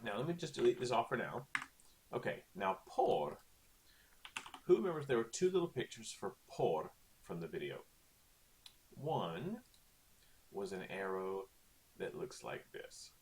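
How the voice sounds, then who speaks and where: A man's voice: mid-range voice, big pitch swings, measured pace, long pauses, darkish tone, slight background noise. A man teaching a recorded Spanish lesson in a chatty way, often checking in with "okay?".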